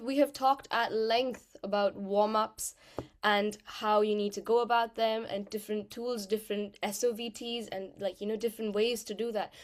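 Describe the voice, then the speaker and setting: A woman with a slightly high voice gives an animated workshop talk to a roomful of listeners. She is encouraging and hands-on, and keeps shifting her voice to show each point as she teaches. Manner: animated, encouraging, demonstrates vocal changes. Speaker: actor and singer giving a voice workshop talk. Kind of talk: lively workshop talk to a live audience. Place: room with a live audience.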